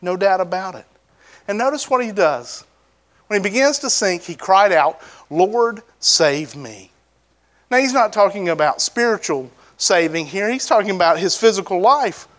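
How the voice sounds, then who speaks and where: A man preaching a sermon in a conversational way, often asking rhetorical questions and swinging between high emphatic bursts and low, soft asides. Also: animated, normal speed.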